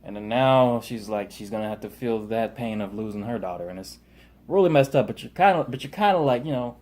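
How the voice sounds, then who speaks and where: A man's voice: medium pitch, expressive, a little fast, darkish tone. A man casually recapping a TV episode, rambling with lots of fillers and loosely paraphrased quotes. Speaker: TV show reviewer.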